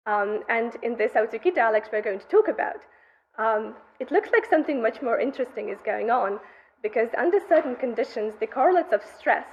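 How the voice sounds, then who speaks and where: Gravelly woman giving an academic lecture. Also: fairly high pitch. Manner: methodical, explanatory delivery. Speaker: graduate student presenting research. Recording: dull, muffled lecture recording.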